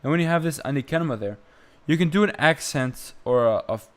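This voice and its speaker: A young man teaching chant on a live stream, explaining slowly and breaking into short sung phrases. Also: on the high side, lively intonation. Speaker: music teacher.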